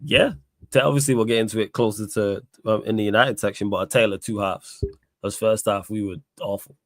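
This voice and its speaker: A man talking football in casual banter, animated and defensive about his team. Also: lowish voice, no room sound, studio quality. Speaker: football pundit.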